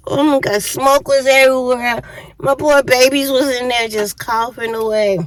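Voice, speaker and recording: The recording is rough, capturing a fairly high-pitched, fairly bright voice at a moderate pace. She's a YouTuber in her fifties sharing a casual storytime on her vlog, chatty and frequently laughing as she eats and talks to her viewers.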